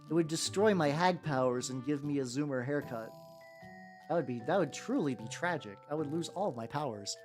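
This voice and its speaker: Woman streamer, lively swoopy pitch, playful rambling chat, soft music behind. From United States. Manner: rambling, playful, swears, chats with viewers. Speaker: VTuber streamer painting miniatures. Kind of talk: casual livestream chat. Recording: faint background music.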